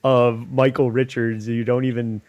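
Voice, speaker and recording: A man's voice: mid-range voice, level tone, normal speed, no echo, muffled recording. A man co-hosting a comedy podcast, cracking crude jokes and laughing. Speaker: podcast co-host. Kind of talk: casual comedy podcast chat.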